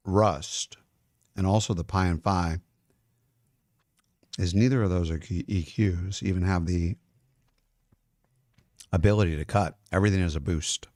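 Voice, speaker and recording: A man's voice: deep voice, a little mellow, dry recording, clean studio sound. A man, a music producer, chatting casually and rambling as he masters a song live, swearing now and then. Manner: talks while chewing. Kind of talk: casual livestream talk while mastering.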